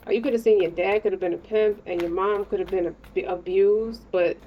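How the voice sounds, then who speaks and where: A woman's voice: medium pitch, fairly even intonation, a little fast. A woman giving a casual tarot reading, rambling, slangy and profane, talking straight to the listener. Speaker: tarot reader. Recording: dull lo-fi sound with faint noise.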